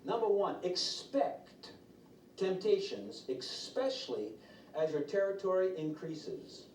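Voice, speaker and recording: A man's voice: high voice, slow. A man preaching a sermon from a distance in a roomy, echoing space. He tells stories and acts out the people he quotes, with a faint hiss behind him. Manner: storytelling, quotes others in lively changing voices. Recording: roomy echo, from far off the mic, faint noise.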